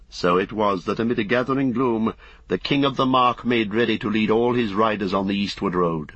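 A man narrating a story in a measured, solemn way. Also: on the low side, fairly bright tone, breathy edge, no room sound, highs cut off. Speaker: audiobook narrator. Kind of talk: scripted narration.

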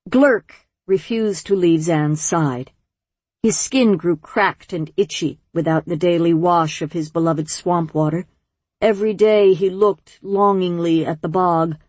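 A woman narrating an audiobook in a measured, gentle storytelling manner. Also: on the low side, no echo. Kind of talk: scripted narration.

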